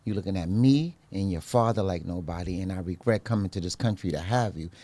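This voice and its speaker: A man, a guest telling stories in a casual chat and acting out quoted voices in a higher pitch. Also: brisk, mellow. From Brooklyn, New York, of Honduran Garifuna parents. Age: 50s. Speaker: guest photographer. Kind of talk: casual storytelling.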